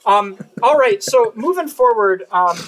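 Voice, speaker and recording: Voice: medium pitch, lively intonation, a little slow, crowd noise, poor audio. An event host talking in a chatty, upbeat way. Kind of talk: live talk.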